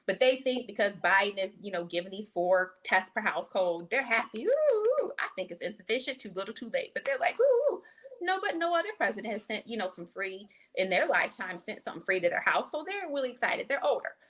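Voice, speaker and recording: A woman physician, a podcast guest, telling an animated, emphatic story in casual conversation. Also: mid-range voice, fast talker, few pauses.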